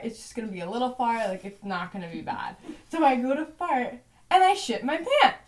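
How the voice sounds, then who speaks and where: Young woman, podcast co-host, casual storyteller, slightly high voice, filler-heavy delivery. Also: expressive, fairly quick. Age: 20s. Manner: chatty, heavy use of "like" and "you know".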